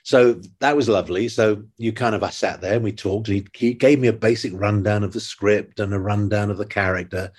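An older man, an actor guest, telling stories in lively conversation and acting out the voices of the people in them. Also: fairly low pitch, fairly quick, hardly any pauses. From England. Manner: animated anecdotes, acting out quoted voices. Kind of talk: conversational storytelling.

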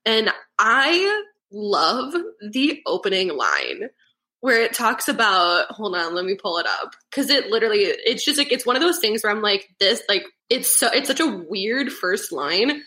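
Bright, animated young woman guest. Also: mid-range voice, a little slow. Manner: animated, giggly, lots of fillers. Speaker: podcast guest. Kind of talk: casual chat.

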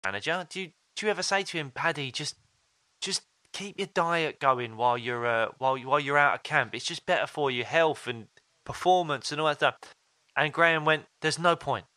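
A man's voice: on the high side, fairly quick, pushed and bright, no room sound. A man co-hosting a podcast, telling stories in a chatty, casual way with fillers and quoted asides. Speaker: podcast co-host. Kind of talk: casual chat.

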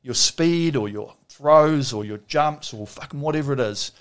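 A man's voice: mid-range voice, moderate pace. A man, a former Olympic rower talking as an interview guest, blunt and swearing freely as he tells stories. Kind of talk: casual interview chat.

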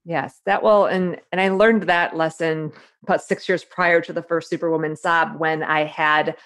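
A fairly low-pitched woman in her forties speaks as a guest author in a relaxed interview. She tells her story with lively energy, speeding up in bursts and acting out the inner voice she heard. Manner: animated, quick storyteller who acts out her inner voice. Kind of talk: conversational interview.

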